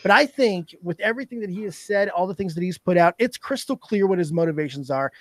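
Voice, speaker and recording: A man in casual podcast chat, telling stories in a profane, animated way. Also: high-pitched, fast, dry recording. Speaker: podcast guest.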